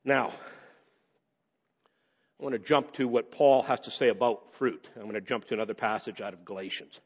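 A male pastor preaching a sermon, swinging between raised emphasis and quick, low asides. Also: husky. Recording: dull sound with long hall reverb.

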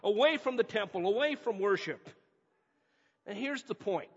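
A man's voice: high voice, expressive, moderate pace, slightly rough. A man from North America preaching a sermon as a pastor, earnest and emphatic, repeating key phrases. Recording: dull lo-fi audio with long hall reverb.

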